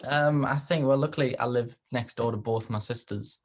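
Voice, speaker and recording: A man's voice: mid-range voice, moderate pace. A man hosting a casual interview, laid-back and chatty, with a groggy morning voice and frequent ums. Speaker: host.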